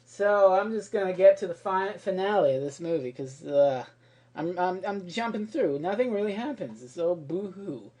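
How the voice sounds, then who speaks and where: A woman ranting through a comedic movie review, profane and exasperated, swinging between loud outbursts and muttered asides. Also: sits low. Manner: profane and exasperated, breaking into laughter.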